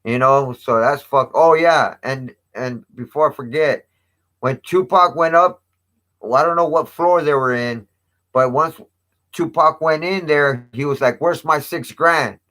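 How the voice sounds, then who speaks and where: A man's voice: mid-range voice, unhurried, fairly bright tone. A man casually retelling a story in street slang with heavy cursing, raising his voice when quoting others. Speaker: channel host. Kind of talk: casual storytelling to a live chat.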